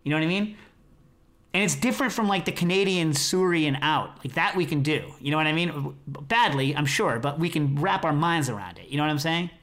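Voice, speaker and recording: A man's voice: fairly high pitch, expressive, brisk, fairly bright tone. A middle-aged American man hosting a podcast, chatting casually in a rambling, self-interrupting way. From United States. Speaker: podcast host.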